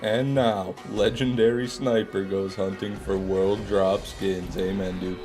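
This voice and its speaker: A man's voice: deep voice, little pitch movement, a little slow, music in the background. A man with a groggy morning voice hosting a live gaming stream. He chats casually, reads out viewer messages and swears when things go wrong.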